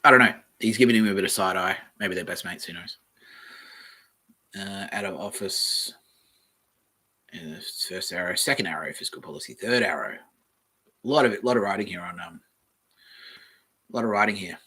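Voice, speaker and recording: A man's voice: low-pitched, moderate pace, pauses often, pushed and bright, slightly rough. A man hosting a podcast, rambling offhandedly and joking as he reads aloud from a screen at home, often trailing off into mumbles. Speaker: podcast host. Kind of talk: rambling casual commentary while reading aloud.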